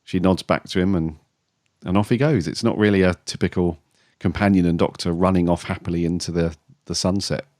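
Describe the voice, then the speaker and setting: A man's voice: sits low, steady tone, brisk, darkish tone, dry recording, studio quality. A man co-hosting a podcast in casual chat, rambling with fillers and frequent laughs. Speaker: podcast co-host.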